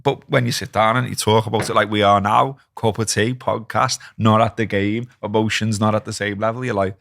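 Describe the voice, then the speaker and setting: A middle-aged man, chatting on a football podcast and getting animated when he retells rows. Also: on the low side, brisk, gravelly, a little hiss or hum. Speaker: podcast host. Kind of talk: casual chat.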